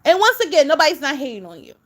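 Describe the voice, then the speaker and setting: High-voiced woman scolding in casual commentary. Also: very animated, racing. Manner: scolding, exasperated, talks straight at the subject. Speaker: reaction commentator.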